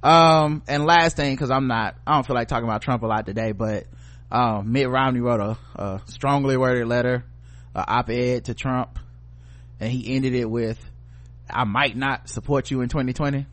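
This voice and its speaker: A man's voice: medium pitch, moderate pace. A man co-hosting a casual podcast chat, swearing freely and slipping into mocking voices. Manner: profane, animated, does mocking voices. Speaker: podcast co-host.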